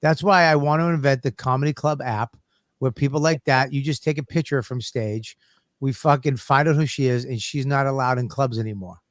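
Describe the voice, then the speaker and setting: A man's voice: medium pitch, brisk, no echo, studio quality. A man co-hosting a comedy podcast, telling stage stories in a blunt, profane way. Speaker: comedian co-host. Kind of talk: casual podcast banter.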